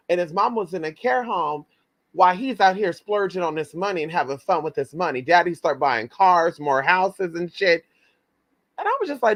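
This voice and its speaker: A man telling a story in a sassy, profane, dramatic way, jumping into high quoted voices. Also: fairly bright tone, dry recording. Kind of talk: casual storytime monologue.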